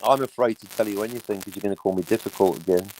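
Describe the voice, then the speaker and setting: A man's voice: lowish voice, rapid-fire, darkish tone, slight background noise, poor audio. A middle-aged man, hosting a livestream and ranting sarcastically, swearing freely. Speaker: livestream host. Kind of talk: casual livestream chat.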